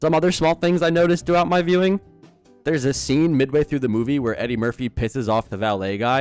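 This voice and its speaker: A young man giving a sarcastic, incredulous film review in scripted commentary. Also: medium pitch.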